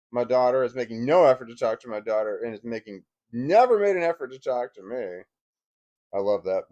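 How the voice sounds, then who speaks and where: Man, mid-pitched, vlog monologue, personal story, blunt, emotional, swearing, halting restarts. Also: warm tone, muffled recording. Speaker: vlogger.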